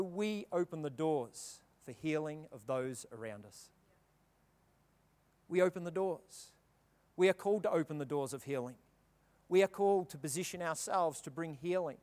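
A man preaching a sermon, telling the story with animated delivery and acting out the characters' lines. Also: high voice. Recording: long reverb of a large hall.

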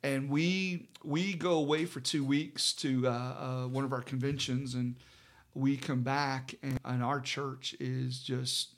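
Halting, storytelling male pastor. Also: medium pitch, level tone. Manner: halting, many fillers and restarts. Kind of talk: personal storytelling in casual conversation.

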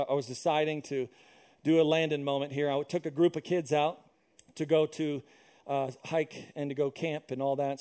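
A man in his thirties preaches with an animated, storytelling delivery, often slipping into the voices of the people in his anecdotes. His voice sits high for a man. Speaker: pastor. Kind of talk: sermon.

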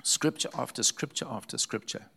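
A man's voice: mid-range voice, normal speed, vocal fry, fairly bright tone, slightly rough. A man, a preacher, earnestly recounting a story as a testimony and repeating phrases for emphasis.

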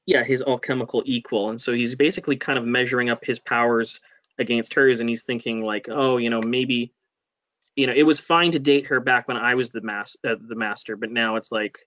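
A man's voice: mid-range voice, fairly even intonation, fairly quick, a bit bright, no room sound, lo-fi sound. A man guest on a casual comic-book podcast, talking hesitantly with many fillers and hedges.

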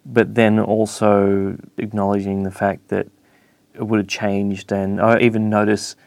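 A man's voice: fairly low pitch, level tone, measured pace, gravelly, a little mellow, no room sound. A man asking interview questions in a hesitant, searching way.

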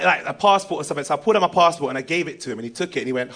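A man doing stand-up, telling an animated story. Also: a little high, racing, few pauses. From England. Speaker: stand-up comedian.

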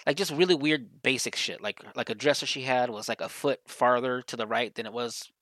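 A man's voice: mid-range voice, a little fast, a bit bright, no echo. A man co-hosting a podcast, telling a story in casual chat and filling his sentences with "like". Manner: rambling storyteller, heavy use of "like". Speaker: podcast co-host.

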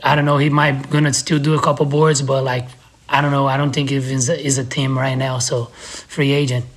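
A man's voice: medium pitch, level tone, normal speed. A man from Brazil, a guest on a podcast, telling a story in a loose, laughing, profane way with lots of restarts. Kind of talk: casual storytelling.

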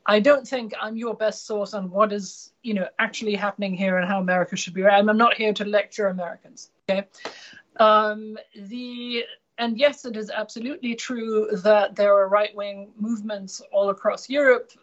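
German-born female analyst, interview guest; measured, filler-heavy delivery; mid pitch; lo-fi muffled remote audio. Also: steady tone. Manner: measured, hesitant with many fillers. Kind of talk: radio interview.

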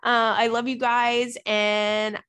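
A woman's voice: on the high side, flat delivery, slow pace, a bit bright, smooth, no room sound. Giggly young woman podcast host. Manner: giggly and playful, jokey asides. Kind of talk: casual chat reading listener stories.

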